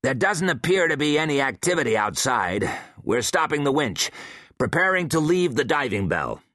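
A man's voice: on the high side, very animated, pushed and bright, no echo, studio quality, voice pushed up, exaggerated voice. Tough practical woman scientist, voiced by a man. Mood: brisk radio. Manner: brisk, practical. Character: intelligent, practical, tough woman paleontologist and mother.

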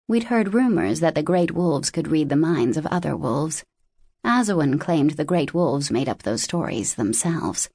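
A woman narrates a fantasy audiobook in a lower, measured voice with expressive storytelling. The studio sound is close and dry, with no room around her. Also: husky, no echo. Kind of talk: scripted narration.

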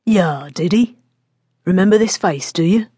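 A woman narrator voicing a leering young male thug who speaks low, slow and threatening in an audiobook. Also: warm tone, breathy edge, dry recording, studio quality.

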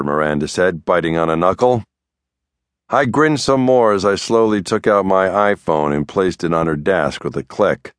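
A man narrating a thriller audiobook in the first person, in a steady, measured way. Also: deep voice, smooth, dry recording, studio quality.

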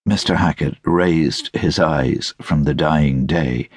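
A man narrating a literary audiobook in a measured, deliberate, wry manner, close to the mic. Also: very deep voice, breathy edge, dry recording. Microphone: close studio mic.

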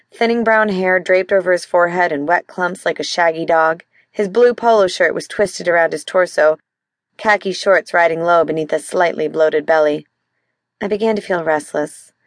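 A woman narrating a mystery audiobook in first person, calm and even. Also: lowish voice, dry recording, clean studio sound.

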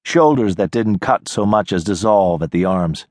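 A man giving measured scripted narration of a short story in an audiobook, on a close studio mic. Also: sits low, lively intonation, darkish tone, no room sound.

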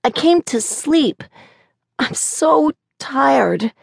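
A woman voicing a sleepy, earnest six-year-old boy who pleads in a drowsy, drawn-out way. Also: high-pitched, lively intonation, creaky, no echo, clean studio sound, pitched above the performer's own voice, heavily acted. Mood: sleepy pleading.

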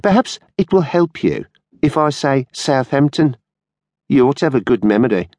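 A man's voice: mid-range voice, lively intonation, a little slow, darkish tone, dry recording, pitched above the performer's own voice, close to an everyday voice. A man voicing a nervous, sneering small-time ex-convict who sounds breathless as he jeers. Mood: jeering.

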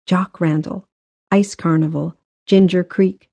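A woman narrating an audiobook in a measured, even storytelling manner on a close studio mic. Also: fairly low pitch, vocal fry, no echo. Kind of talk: scripted narration.

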